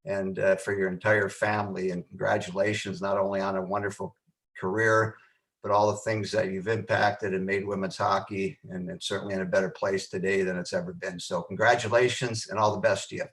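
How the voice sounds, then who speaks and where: An older man, a former coach, giving measured congratulatory remarks over a video call, halting now and then. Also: deep voice, level tone, rough recording. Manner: measured, warm-hearted, halting with fillers.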